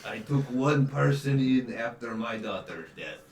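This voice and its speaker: A man voicing a sad older man who speaks slow broken English and mourns a lost foster daughter. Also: medium pitch, expressive. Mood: mournful. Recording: roomy, distant mic.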